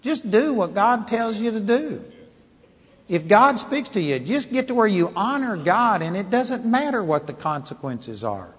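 A man preaching a sermon, telling stories emphatically and swinging from quiet asides to loud declarations. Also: high voice, very animated, a little slow, breathy edge, in a large hall.

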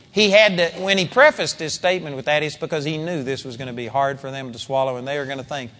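Animated male preacher with a high voice, recorded in a reverberant hall. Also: a little fast. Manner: animated, conversational preaching with sudden loud peaks. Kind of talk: sermon.

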